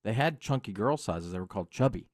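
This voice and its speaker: Low voiced radio guy, matter of fact, dry close sound. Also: animated, fast, no echo. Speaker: radio show co-host. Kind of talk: casual morning radio chat.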